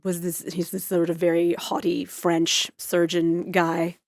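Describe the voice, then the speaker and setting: A woman in her forties, an interview guest, telling her story in a loose, rambling, animated way. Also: on the low side, measured pace, dry recording, clean studio sound. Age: 40s. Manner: rambling, full of "like" and restarts, animated.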